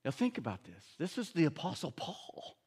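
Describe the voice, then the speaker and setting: A man preaching in a church hall, his voice sitting high and trailing off in a long reverb. He moves between reading scripture aloud and chatting directly with the congregation, often asking them whether they follow. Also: huge pitch swings, moderate pace, a little mellow, husky. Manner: conversational, addresses congregation with tag questions.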